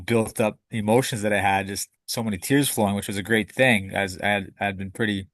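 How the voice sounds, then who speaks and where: A man's voice: on the low side, no room sound. A man, a podcast guest, candidly telling a personal story with emotion and casual swearing.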